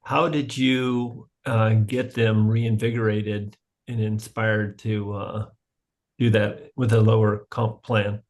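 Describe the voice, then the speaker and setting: A man in the audience asking the speaker a question in a halting way, searching for words. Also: lowish voice, flat delivery, a little mellow.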